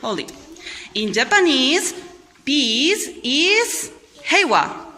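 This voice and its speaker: A woman teacher leading a class slowly and clearly, praising and prompting the group to repeat after her. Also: high-pitched, expressive, bright, forceful tone. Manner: slow, clear, encouraging. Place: school hall or classroom. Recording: echoey room with faint noise.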